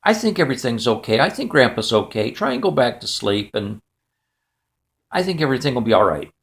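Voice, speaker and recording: A man voicing a worried father who calms his son in a soft, hushed way. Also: on the high side, normal speed. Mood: reassuring. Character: worried, reassuring middle-aged father.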